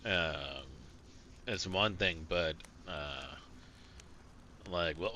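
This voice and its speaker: A man's voice: sits low, drawn-out words, long pauses, bright, forceful tone, slight background noise. A man streaming a survival role-play game, chatting casually and rambling with plenty of swearing and fillers. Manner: rambling and profane, many fillers and restarts. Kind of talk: casual gameplay commentary.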